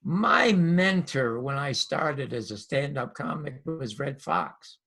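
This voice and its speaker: An older man with a rough, gravelly voice that sits slightly high for a man. He is a former comic and talk show host telling stories to an interviewer. His delivery is emphatic and animated, and he often doubles his words. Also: slow pace. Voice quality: raspy, gravelly. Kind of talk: animated storytelling.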